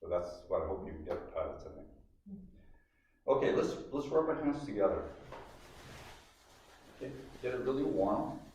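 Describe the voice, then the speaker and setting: A man's voice: medium pitch, big pitch swings, normal speed, pauses often, a little mellow, a little hiss or hum. Older man, rambling class instruction, "you know" and "okay?", distant, dull lo-fi sound. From Hawaii. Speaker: meditation and self-massage teacher. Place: meditation hall. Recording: distant mic, very roomy, dull lo-fi.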